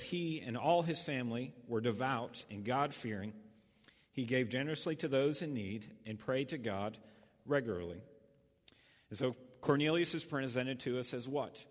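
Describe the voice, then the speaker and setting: A man preaching a sermon as pastor, telling a folksy story with lots of fillers and restarts. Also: medium pitch. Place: church sanctuary. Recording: church hall reverb.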